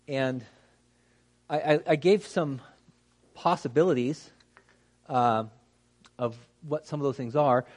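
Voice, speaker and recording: Animated man teaching from the pulpit. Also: on the high side. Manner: animated, acts out mispronunciations; conversational with frequent fillers and restarts. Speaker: pastor. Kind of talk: teaching talk on scripture.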